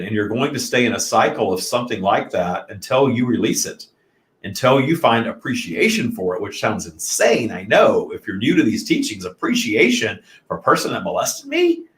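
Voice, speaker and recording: A man's voice: on the low side, very animated, normal speed, fairly bright tone. A man hosting a spiritual live stream, talking earnestly and reflectively in a casual way. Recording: echoey room.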